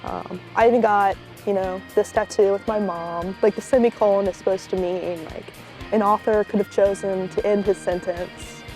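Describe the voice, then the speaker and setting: A woman's voice: medium pitch, steady tone, moderate pace, darkish tone, soft background music. A teenage girl speaking openly and earnestly in a school profile interview. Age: teens. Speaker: high school student.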